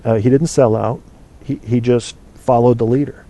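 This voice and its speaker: A mellow, dark-voiced man rambles through his opinions as he hosts a casual call-in show. He fills the gaps with ums and restarts and keeps things loose and chatty. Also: medium pitch, steady tone, moderate pace. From United States. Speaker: podcast host.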